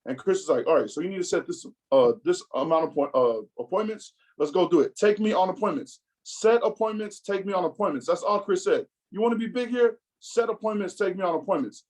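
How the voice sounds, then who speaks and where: A man in his thirties giving an animated motivational talk, acting out quotes as he tells his story. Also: high voice, a little fast, hardly any pauses, low-quality recording. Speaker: business speaker.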